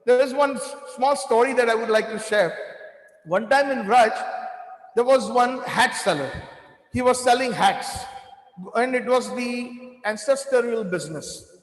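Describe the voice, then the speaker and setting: High-voiced man telling stories in an echoey hall. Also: a little slow. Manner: lively anecdotal storytelling with quoted Hindi phrases. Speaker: temple storyteller. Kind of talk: devotional storytelling talk. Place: temple hall. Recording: echoey hall with long reverb.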